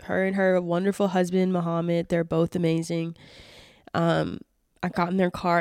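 A woman's voice: on the low side, vocal fry, a little mellow, smooth, no echo, studio quality. A woman, hosting a solo podcast and speaking earnestly and emotionally, with lots of fillers and restarts. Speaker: podcast host.

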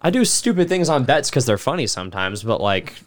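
A man's voice: mid-range voice, big pitch swings, fairly quick. A young man in casual podcast chat, drunk, giggly and rambling. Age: young adult. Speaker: podcast co-host.

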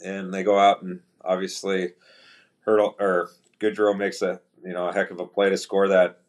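Low-voiced man telling a hockey story. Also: normal speed. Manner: relaxed anecdotal storytelling, acts out quoted dialogue. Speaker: guest, retired hockey player. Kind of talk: casual storytelling interview.

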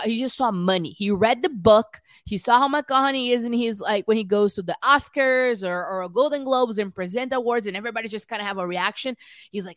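A woman cohosting a podcast in casual chat, animated and rambling, sometimes mimicking others. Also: a little high, normal speed, dry recording, clean studio sound.

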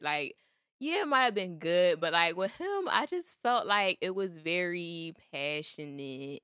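Animated young woman podcast co-host. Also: deep voice, clean tone, dry recording, clean studio sound. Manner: candid, laughs often, animated. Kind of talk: casual chat.

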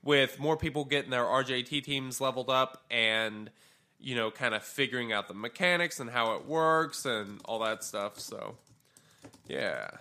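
A man co-hosting a gaming podcast, talking in a relaxed, rambling way with plenty of fillers. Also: mid-range voice, normal speed. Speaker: podcast co-host. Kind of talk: casual gaming podcast chat.

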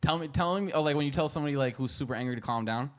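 A man co-hosting a podcast in casual chat, talking in quick slangy bursts. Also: fairly high pitch. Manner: quick, slangy, agreeing interjections. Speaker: podcast co-host.

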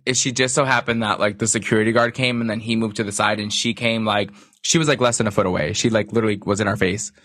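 A young man co-hosting a podcast, telling animated stories with quoted voices and casual swearing. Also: on the low side, fast talker, hardly any pauses, no room sound, studio quality. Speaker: podcast co-host. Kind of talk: casual chat.

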